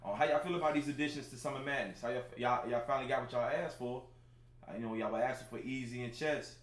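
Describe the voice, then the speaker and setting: A man in his thirties hosts a casual livestream from home, talking fast in a medium-pitched voice. Laid-back, he speaks straight to chat viewers with plenty of filler phrases, and the sound is roomy with faint background noise.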